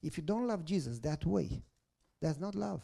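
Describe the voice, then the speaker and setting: A man preaching a sermon, telling a story with rhetorical questions to the congregation and swinging between hushed lines and loud bursts. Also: a little high, lively intonation, normal speed, vocal fry, slightly rough. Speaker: pastor.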